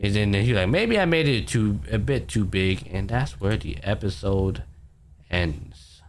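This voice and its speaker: A man's voice: on the low side, animated, a little slow, slight background noise. A young man co-hosting a podcast, casually recapping an anime and acting out the characters' lines with plenty of slang and swearing. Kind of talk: casual chat.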